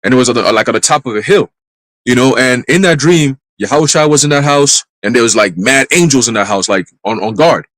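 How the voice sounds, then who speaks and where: A man in a live church stream telling a dream as testimony, in brisk street slang with some cursing. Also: medium pitch, fairly bright tone, no room sound, low-quality recording. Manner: brisk storytelling full of street slang and profanity. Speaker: church minister.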